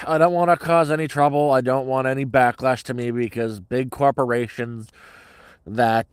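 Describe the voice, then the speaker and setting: A man's voice: mid-range voice, fairly even intonation, normal speed, clean tone, no echo. A middle-aged man telling a story on a casual livestream in a blunt, heavily profane, agitated way.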